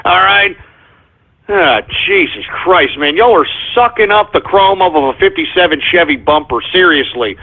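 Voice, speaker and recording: Male radio host, high husky voice, profane ranter, tinny phone-line sound. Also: animated, normal speed. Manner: profane, ranting, repeats himself. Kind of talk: talk radio rant.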